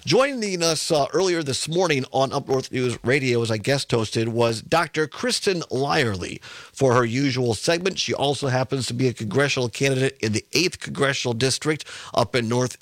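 A male radio talk show host speaking slowly and carefully, his mouth still numb from dental anesthetic, with self-deprecating humor. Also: mid-range voice, expressive, a bit bright, no echo. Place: radio studio. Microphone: studio microphone.

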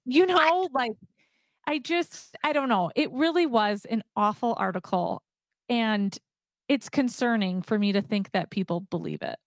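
A woman's voice: fairly high pitch, unhurried, no room sound, clean studio sound. Exasperated woman teacher on talk radio. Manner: frank, exasperated, thinking aloud. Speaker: teacher co-host. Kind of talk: casual radio talk show discussion.

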